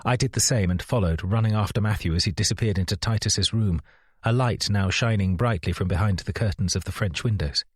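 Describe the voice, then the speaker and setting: A man reading a first-person mystery audiobook in a measured, dramatic storytelling manner. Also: lowish voice, breathy edge, no echo, clean studio sound. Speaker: audiobook narrator.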